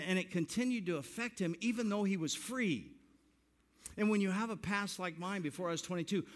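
A pastor in his sixties telling a self-mocking story in a sermon, animated and laughing through his lines. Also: fairly high pitch. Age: 60s.

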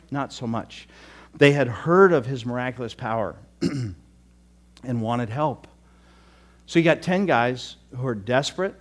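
An older pastor delivers a sermon in a relaxed, folksy way, often restarting his sentences. His voice sits in a middle range for a man. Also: mid-range voice. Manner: conversational, folksy, with repeated restarts and joking asides.

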